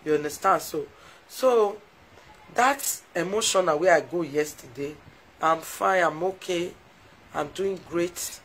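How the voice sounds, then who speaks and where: A woman's voice: lowish voice, unhurried, slight background noise, poor audio. A woman with a Nigerian Pidgin English accent, chatting casually to viewers on a live stream, effusive and heartfelt as she thanks them often. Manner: emotional, heartfelt.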